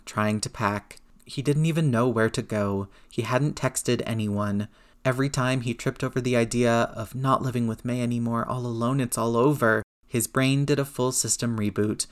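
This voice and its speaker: A woman narrating a story aloud in a steady, measured way. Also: rumbling low. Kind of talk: audiobook narration.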